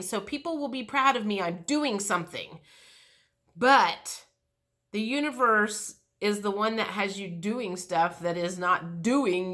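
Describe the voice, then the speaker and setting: A woman's voice: medium pitch, pushed and bright. A middle-aged woman giving a casual, rambling tarot reading, frank and swearing, with many restarts and fillers. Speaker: tarot reader.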